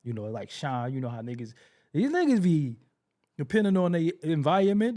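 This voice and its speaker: A man's voice: a little high, very animated, normal speed, warm tone. A man hosting a hip-hop commentary show, ranting brashly with profanity and frequent laughter. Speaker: host.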